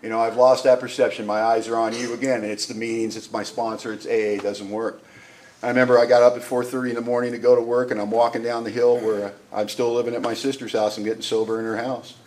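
A man sharing his recovery story at a meeting, telling it as an animated storyteller who acts out the voices in his quotes. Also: medium pitch, quick pace, slight background noise.

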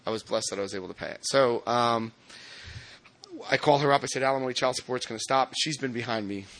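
A man from New Jersey telling his recovery story to a meeting, animated and self-mocking, with laughs and restarts. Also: mid-range voice, fairly quick. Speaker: recovering alcoholic speaker.

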